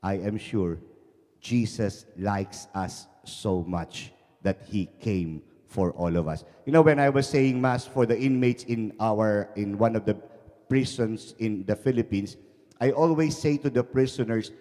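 Storytelling priest in an echoey hall. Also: male voice, on the low side, unhurried. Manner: lively storytelling, acting out voices. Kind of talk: sermon with jokes.

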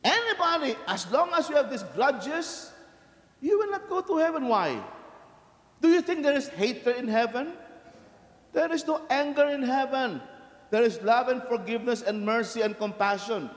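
A man, a Catholic priest, giving a lively, conversational sermon, putting many questions to the congregation. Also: extremely high pitch, normal speed. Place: large church. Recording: echoey church hall from a distance.

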